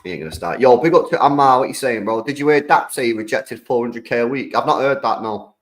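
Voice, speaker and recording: A young British man hosting a live stream, reacting to football news and chatting with viewers in an animated, slangy way. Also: medium pitch, fairly quick, poor audio. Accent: British English. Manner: slangy, animated, talks to the chat. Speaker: streamer host.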